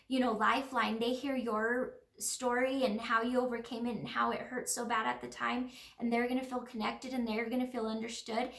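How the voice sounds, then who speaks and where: A woman's voice: high-pitched, fairly bright tone. A woman talking through a casual, reflective monologue as a spiritual healer, in an earnest, rambling way full of fillers. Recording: roomy echo.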